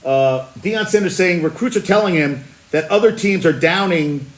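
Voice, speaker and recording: A man hosting a casual sports talk show, animated, laughing often and stammering through restarts. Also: on the high side, moderate pace, echoey room, poor audio. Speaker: podcast host.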